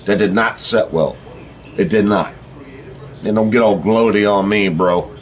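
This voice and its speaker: A man's voice: fairly low pitch, measured pace. A middle-aged man with a drawl delivering a blunt, profane ranting monologue to his viewers. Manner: blunt, heated, swearing freely. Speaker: vlogger.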